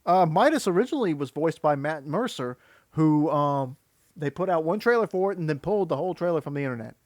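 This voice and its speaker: A man's voice: on the high side, expressive, a little fast, a little mellow, dry recording, clean studio sound. A man giving critical, exasperated reaction commentary that rambles and restarts. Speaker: video commentator.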